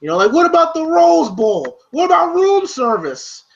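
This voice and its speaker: A man's voice: very high voice, wildly swooping pitch, moderate pace, gravelly, pitched above the performer's own voice, exaggerated voice. A man doing a grumpy, complaining middle-aged man from a film in a whiny voice. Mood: griping. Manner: whiny, griping. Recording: dull lo-fi sound.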